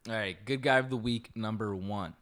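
A man's voice: fairly low pitch, normal speed, a bit bright. A young man co-hosting a podcast in casual chat, laid-back and jokey, swearing freely. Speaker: podcast co-host.

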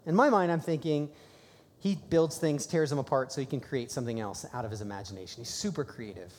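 A male pastor delivers his Sunday sermon in a loose, conversational storytelling way, his voice now and then jumping up with excitement. His voice sits at a middling pitch for a man. The sound carries a long reverb from a large church hall. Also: fast talker. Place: church service.

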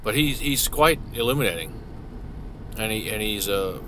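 A middle-aged podcast host talks on his own from a parked vehicle, rambling casually and profanely and restarting often. His fairly low, fairly bright voice is animated at a moderate pace, with a little hiss or hum in the audio.

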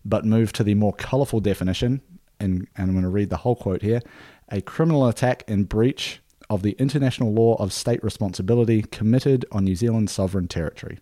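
A man with a low voice hosting a casual history podcast, working through his notes in a relaxed way. He fills pauses with "uh" and "um" and laughs easily. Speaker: podcast host.

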